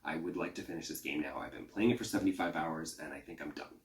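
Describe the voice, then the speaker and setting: A man hosting a gaming podcast, chatting casually and acting out his own reactions and the game's characters in quick quotes. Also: rumbling low, recorded from a distance. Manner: chatty, acts out quotes of himself and game characters. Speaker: podcast host. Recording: echoey room, off-mic.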